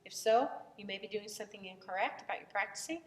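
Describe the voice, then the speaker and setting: A woman with a Southern American accent, a voice teacher lecturing in a relaxed, conversational way with frequent fillers and restarts. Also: mid-range voice, quick pace, slight background noise. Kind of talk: recorded lecture. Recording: echoey room, voice from far off the mic.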